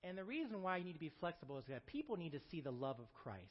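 Male pastor delivering a lively sermon, swinging pitch, recorded dull and muffled in a church. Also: rapid-fire, few pauses, long reverb tail. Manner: preacher's call-and-response.

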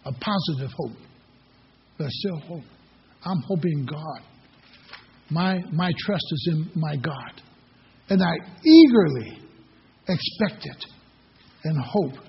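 A middle-aged pastor with a high, husky voice preaches a sermon, weaving folksy personal stories between scripture readings. The recording is lo-fi and dull, made in an echoey hall.

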